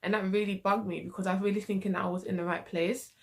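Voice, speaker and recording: A woman's voice: mid-range voice, quick pace. A young woman telling a casual storytime, acting out her own quoted reactions. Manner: animated, acts out quoted reactions. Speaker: vlogger.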